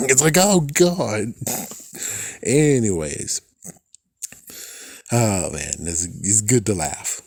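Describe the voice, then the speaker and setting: A young man casually reviewing a TV episode, excitable and swearing freely, often breaking into laughter. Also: low voice, slow pace, pauses often, breathy edge, dry recording, studio quality.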